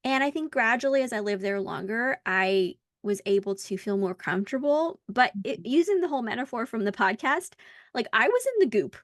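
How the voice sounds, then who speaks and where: An American woman hosting a casual podcast conversation, telling stories in a lively way and acting out the dialogue. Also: fairly high pitch, brisk, dry recording, clean studio sound. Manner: animated storyteller who acts out dialogue. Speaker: podcast host.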